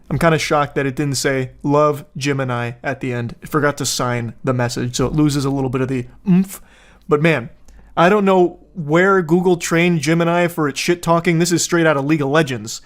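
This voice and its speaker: Dude ranting about internet stuff, kinda high voice, sarcastic, swears a lot. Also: male voice, normal speed. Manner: sardonic, profane, jokey asides. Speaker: commentary host. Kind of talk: casual commentary.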